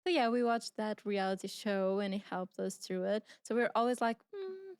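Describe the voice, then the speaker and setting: A woman's voice: medium pitch, moderate pace, clean tone, no echo, studio quality. A young woman co-hosting a casual chat podcast, telling stories with lots of laughter. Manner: giggly, animated storytelling. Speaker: podcast co-host.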